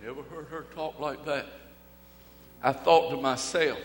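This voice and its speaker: Folksy preacher in an echoey hall. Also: male voice, on the high side, fairly even intonation. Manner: folksy, dramatic pauses, swings from loud to hushed. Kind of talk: storytelling sermon. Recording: echoey hall with faint hum.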